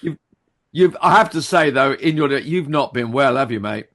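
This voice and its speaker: A man's voice: medium pitch, animated, moderate pace, fairly bright tone. A man co-hosting a podcast, chatting casually and teasing his partner in a jokey way. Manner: teasing and jokey, chuckles between remarks. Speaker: podcast co-host presenting clips. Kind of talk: casual chat.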